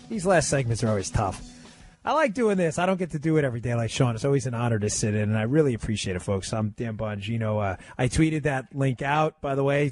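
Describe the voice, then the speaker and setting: A man guest-hosting a talk radio show, taking calls and making his points with rapid-fire emphasis. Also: mid-range voice.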